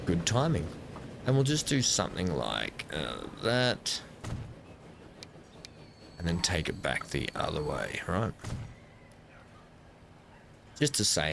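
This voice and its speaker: Let's-play host, man, somewhat low voice, rambling self-correcting commentary into a desk mic. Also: creaky, noisy background. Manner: thinks aloud while building, self-correcting. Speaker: gameplay commentator.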